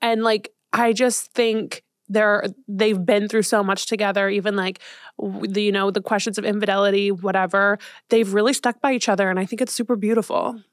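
A woman's voice: medium pitch, flat delivery, normal speed, no echo, clean studio sound. A young woman in her twenties co-hosting a podcast, chatting casually and gushing with lots of "like". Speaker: podcast co-host. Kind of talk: casual chat.

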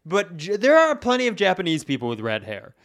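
A man's voice: sits high, huge pitch swings, fairly quick, vocal fry, a bit bright. A man co-hosting a comedy podcast, telling rambling stories full of self-corrections in casual chat. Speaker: podcast co-host.

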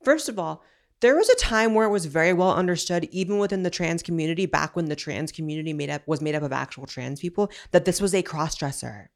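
A woman's voice: fairly low pitch, fast talker. Blunt, ranting woman commentator. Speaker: commentary show host. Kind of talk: opinionated commentary.

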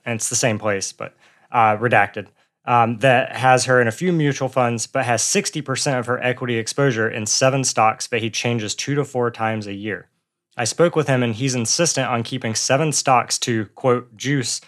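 A male co-host reads a listener's letter aloud on a casual podcast. His voice is partly gone, and his delivery is relaxed. He speaks at a medium pitch. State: partly lost voice. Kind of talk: casual finance podcast chat.

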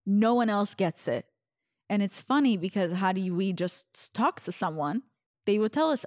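A woman's voice: medium pitch, expressive, moderate pace, dry recording, clean studio sound. A young woman hosting her podcast, telling a personal story in a chatty, laughing way and acting out the lines of her friends. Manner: chatty, laughing, acts out quoted dialogue. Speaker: podcast host. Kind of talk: casual storytelling monologue.

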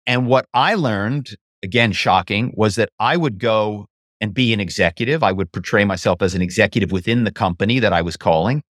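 A middle-aged man, a guest, telling lively stories and slipping into other voices. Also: on the low side, brisk, no echo, clean studio sound. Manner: animated, slips into voices. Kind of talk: storytelling interview answers.

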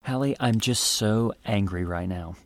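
A man's voice: lowish voice, a little slow, no echo. A man co-hosting a parody church podcast, talking in an earnest, chatty, falsely upbeat way. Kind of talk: improvised comedy as a church host.

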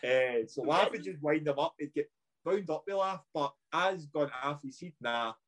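A former footballer with a Scottish accent tells stories in a casual podcast chat, swearing freely and laughing along the way. His voice is a little high, at a normal speed.

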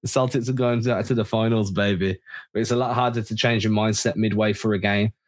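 A man co-hosting a casual sports podcast, talking in an animated, opinionated way with frequent restarts. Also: on the low side, brisk. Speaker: podcast co-host.

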